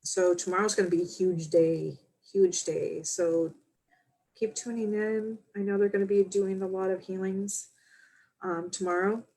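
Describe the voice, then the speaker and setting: A tired woman speaks as a medium on a casual livestream. Her delivery is soft and heartfelt, halting now and then on fillers, with a voice of ordinary pitch for a woman. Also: fairly even intonation, low-quality recording. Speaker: spiritual medium hosting a livestream.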